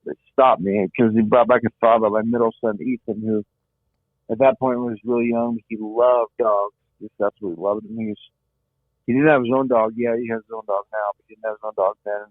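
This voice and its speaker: A man's voice: on the low side, fairly even intonation, fast, no echo. A middle-aged man telling a personal survival story earnestly, often repeating words as he searches for them. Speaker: guest. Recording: tinny phone-like line, dry.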